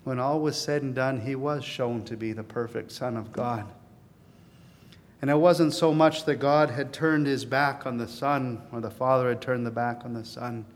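A man's voice: mid-range voice, steady tone, normal speed. Earnest male pastor preaching in a hall. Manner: earnest, building to emphatic peaks then dropping soft. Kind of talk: sermon.

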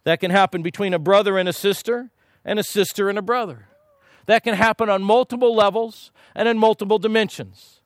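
A middle-aged man preaching a sermon in a conversational way, with rhetorical questions and quick asides to his congregation. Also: high voice, fairly even intonation, no room sound, studio quality.

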